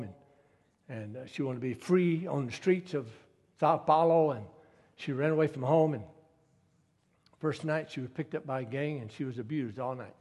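A man's voice: mid-range voice, darkish tone, breathy edge. A man preaching a sermon, telling stories and building to emphatic appeals to his listeners. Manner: storytelling, rising to emphatic appeals. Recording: long hall reverb.

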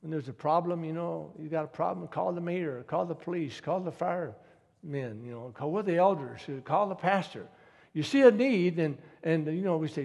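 A man delivers a sermon, moving between quiet storytelling and emphatic appeals. His voice sits a little high and has a husky edge. The sound carries a long reverb, as in a large hall. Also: expressive, moderate pace. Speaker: preacher.

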